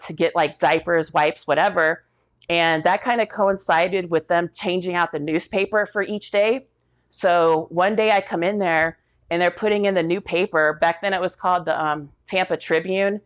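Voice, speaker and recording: A middle-aged woman veteran telling stories casually in an interview, animated and slangy, acting out the voices of the people she quotes. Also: on the low side, lo-fi sound. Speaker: military veteran guest.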